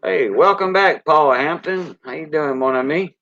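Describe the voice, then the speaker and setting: An older Cajun man from South Louisiana, French his first language, hosts a casual livestream chat in a rambling, folksy way. His voice is fairly high and a bit bright at a normal speed, with no echo, and the sound is dull, dry and lo-fi.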